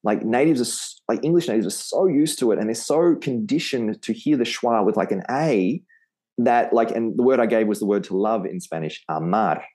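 A man's voice: mid-range voice, brisk, dark tone. A man with an Australian accent, a podcast guest who teaches Spanish, explaining patiently and repeating words to show how they sound. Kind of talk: podcast interview.

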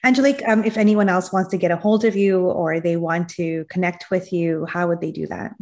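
A woman's voice: lowish voice, fairly even intonation, fairly quick, a little mellow. Woman host, friendly and encouraging, chatting with a guest online. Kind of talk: casual interview chat.

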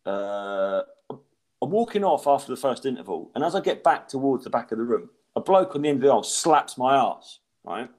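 A man's voice: medium pitch, animated, a little fast, darkish tone. A middle-aged man, a stand-up comedian, telling stories in casual podcast chat, swearing freely and acting out voices.

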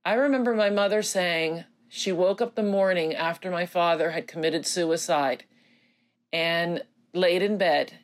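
A middle-aged woman speaking earnestly as a grieving mother to others who have lost children, halting and close to tears, with many pauses and fillers. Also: on the low side. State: emotional, near tears. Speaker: bereaved mother addressing grieving parents. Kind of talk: personal video message.

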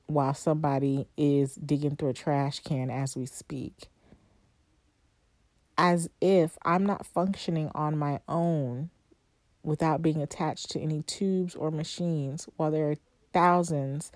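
Woman host, deep mellow voice, unhurried reflective monologue, dry close sound. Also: no echo. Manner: heartfelt, conversational, with long pauses and rhetorical questions. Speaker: podcast host. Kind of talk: reflective solo podcast monologue.

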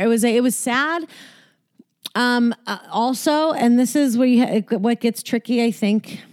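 A woman's voice: mid-range voice, darkish tone, no echo. Give me a frank, reflective woman who swears freely, recorded dry and close. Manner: frank and profane, reflective, lots of fillers and restarts. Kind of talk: candid personal talk.

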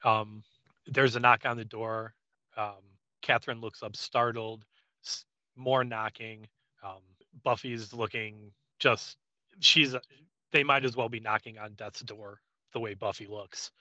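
Man, podcast co-host, casual scene recap, bright forceful voice, dry slightly dull recording. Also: fairly low pitch, steady tone, measured pace, no echo. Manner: frequent "um"s, loose paraphrase of scenes.

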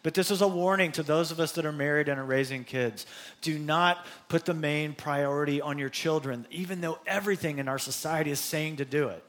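A man's voice: fairly high pitch, a little fast, fairly bright tone. A middle-aged man preaching a sermon as pastor, in a conversational style with personal asides.

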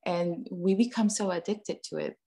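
A woman's voice: fairly low pitch, moderate pace, creaky, mellow. A woman guest in a casual podcast conversation, talking earnestly, often repeating phrases and acting out what parents say to kids.

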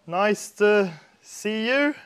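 A man with a New Zealand accent preaching a sermon in a church, in a relaxed, chatty and self-deprecating way. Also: high-pitched, very slow, clear, resonant tone.

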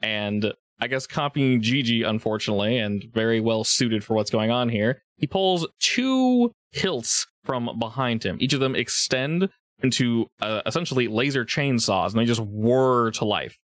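Lively male game master narrating. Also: mid-range voice, no echo. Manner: chatty, explains rules quickly, laughs often.

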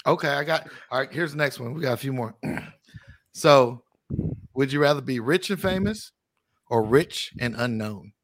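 A man hosting a casual chat show, reading out this-or-that questions in a relaxed way. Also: mid-range voice, moderate pace, slight background noise. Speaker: host.

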